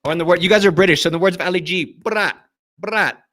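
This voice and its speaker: A man's voice: high-pitched, steady tone, racing, background noise. A man hosting a casual live video show, enthusiastic and effusive as he thanks and plugs his guests. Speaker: host.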